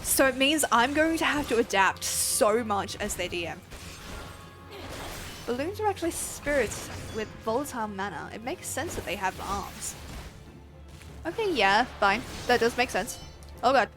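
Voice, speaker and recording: A young Australian woman livestreams a game, chatting casually over soft background music. Her voice is a little high and fairly bright, very animated, at a moderate pace. She rambles, laughs and swears freely.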